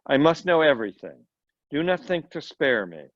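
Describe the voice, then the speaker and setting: A man reading the part of a quiet, composed foreign woman who is tall and pale, in a story reading. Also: fairly high pitch, big pitch swings, normal speed, no echo. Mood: cold. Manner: quiet, composed, then intense. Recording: dull lo-fi recording.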